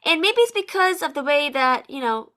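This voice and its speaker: Bright high-voiced American woman teacher. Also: moderate pace. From United States. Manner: lively, emphatic, acts out sample phrases. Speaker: online ESL teacher. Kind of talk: English lesson to camera.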